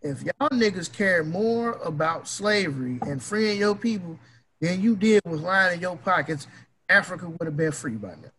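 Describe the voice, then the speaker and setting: A man delivers a fired-up, profane opinion rant and hammers home his points. His voice is high and bright. A faint hiss sits behind it. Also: lively intonation, normal speed, poor audio. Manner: emphatic, profane and heated.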